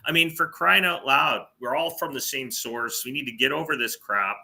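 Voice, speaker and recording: A man's voice: medium pitch, moderate pace, gravelly, sharp tone. A man from Canada, co-hosting a political livestream, arguing his points emphatically and firing off rhetorical questions. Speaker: political talk show co-host. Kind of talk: opinionated political livestream chat. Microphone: livestream call mic.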